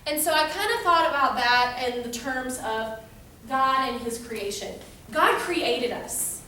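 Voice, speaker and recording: Bright young woman in an echoey hall. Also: high voice, measured pace, a little hiss or hum. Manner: chatty, filler-heavy storytelling. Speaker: youth speaker. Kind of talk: casual devotional talk. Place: room with a youth audience. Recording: very echoey room from far off.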